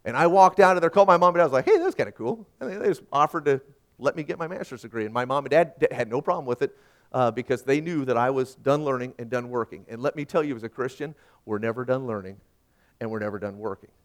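A man's voice: mid-range voice, lively intonation, fast talker. A man in his thirties preaching a sermon, telling stories in a conversational, self-deprecating way and asking the congregation questions. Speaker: pastor.

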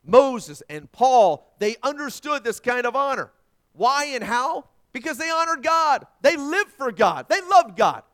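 High-voiced, clear preaching man. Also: sing-song, unhurried. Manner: dramatic, swinging from forceful to hushed; emphatic scripture quoting. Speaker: pastor. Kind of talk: sermon.

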